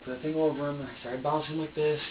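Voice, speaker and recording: A distressed man being questioned in an interrogation room, talking in halting, repetitive bursts and swearing often. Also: fairly high pitch, flat delivery, a little hiss or hum. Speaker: interrogation suspect. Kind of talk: emotional confession under questioning. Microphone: security camera from a distance. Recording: dull roomy distant security-camera audio.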